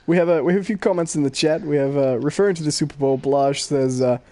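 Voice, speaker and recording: A man's voice: a little high, quick pace, mellow. A man co-hosting a pop-culture podcast, riffing with dry jokes and laughing at his own bits in casual chat. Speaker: podcast co-host.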